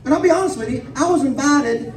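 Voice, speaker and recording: High-voiced male comic, profane and excitable, live in an echoey pub. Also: fast. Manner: profane, excitable, laughing storyteller. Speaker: stand-up comedian. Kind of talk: stand-up storytelling. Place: pub stage, live show. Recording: echoey pub room, distant mic.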